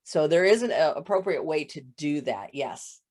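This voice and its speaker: A woman voice coach with a touch of vocal fry, explaining voice habits in an interview. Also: low-pitched, expressive, moderate pace, a little mellow. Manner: explanatory, demonstrates voice faults. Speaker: voice coach guest. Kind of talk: interview answers.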